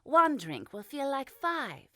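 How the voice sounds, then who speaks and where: A woman playing a calm, knowing thief. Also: high-pitched, no room sound, pitched above the performer's own voice, heavily acted. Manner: measured and knowing.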